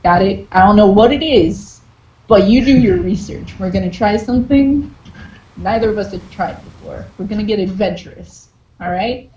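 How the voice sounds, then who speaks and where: A woman's voice: mid-range voice, normal speed, warm tone, lightly acted. A woman playing a caring, encouraging older woman in a tabletop game, recorded in a muffled, roomy setup with some background noise. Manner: encouraging, motherly.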